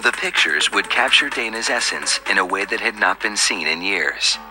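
Male narrator, deep voice, somber scripted read over a music bed. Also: lively intonation, moderate pace. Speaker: documentary narrator.

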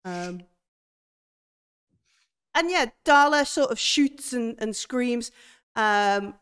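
Woman, game master, fairly high voice, smooth and clear, halting narration with many fillers. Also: lively intonation, fairly bright tone. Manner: halting, full of fillers and restarts.

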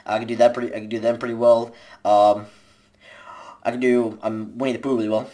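A woman's voice: rumbling low, steady tone, a little fast. A young woman giving casual, rambling tips to viewers in a home video, with lots of fillers and restarts. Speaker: vlogger.

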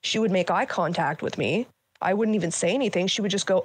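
Speaking a little fast with a breathy edge, this mid-range female voice comes through with no room sound. She's a guest in her thirties sharing hard family memories in a blunt, candid way, full of swearing and fillers.

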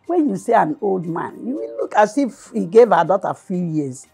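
A woman with a Nigerian accent playing a scandalized mother in a film, scolding in a husky voice. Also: medium pitch, big pitch swings, moderate pace, dark tone, heavily acted. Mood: outraged. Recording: film sound with faint music.

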